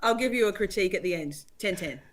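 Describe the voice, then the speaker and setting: A woman's voice: mid-range voice, expressive, brisk. A woman from Australia with an Australian accent, a guest on a livestream, bubbly and enthusiastic in casual chat. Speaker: guest streamer.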